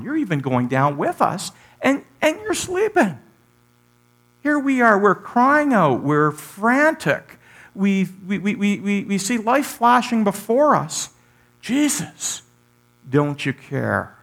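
A preacher acting out a frantic disciple. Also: male voice, medium pitch, big pitch swings, a little slow, gravelly, hardly any pauses, breathy edge, heavily acted. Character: frantic frightened male disciples in a sinking boat.

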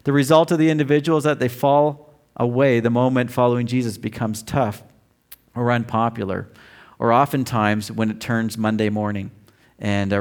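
A middle-aged man preaching a sermon, telling a personal story with acted-out quotes and emphatic shifts in pitch and volume. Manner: storytelling, acts out quotes loudly. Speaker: pastor.

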